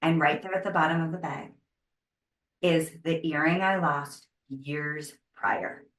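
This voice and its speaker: A woman co-hosting a podcast, telling a long personal story in casual chat and acting out her own panic in sudden high bursts. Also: steady tone, unhurried, a bit bright, reverberant. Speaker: podcast co-host.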